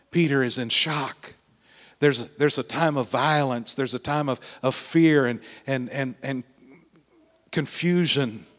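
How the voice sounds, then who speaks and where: A man preaching a sermon, telling the story dramatically, with his voice swelling and then dropping to a hush. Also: medium pitch, big-room sound. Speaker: pastor.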